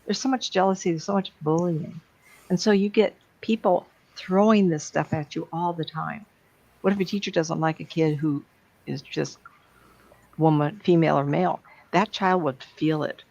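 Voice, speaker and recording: A woman's voice: low voice, fairly even intonation, normal speed, creaky, darkish tone. A woman speaking as a psychic medium, giving a blunt, plain-spoken talk to an audience. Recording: dull lo-fi sound.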